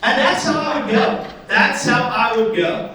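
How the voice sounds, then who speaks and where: A young man doing stand-up comedy in a theatre, telling stories in an animated way and acting out voices. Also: unhurried, very echoey, recorded from a distance, poor audio. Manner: animated, acts out voices with sudden high squeals. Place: theatre stage before a live audience.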